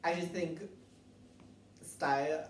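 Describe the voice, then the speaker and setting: A man's voice: fairly high pitch, fairly even intonation, takes it slowly. A man in a casual podcast chat, opinionated and emphatic about his views. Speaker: podcast guest. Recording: echoey room, mic at a distance, faint hiss.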